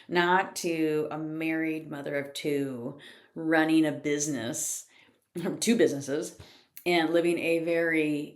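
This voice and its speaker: A woman hosting a podcast, telling her personal story in a candid, casual way, laughing often and swearing lightly. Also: sits low. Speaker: podcast host. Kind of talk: reflective personal storytelling monologue.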